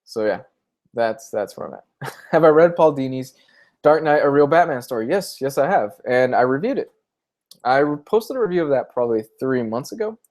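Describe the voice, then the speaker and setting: A man's voice: mid-range voice, lively intonation, normal speed, darkish tone. Young man, casual livestream chat, candid, emotional, comic book vlogger. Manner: candid, emotional, tearing up at times.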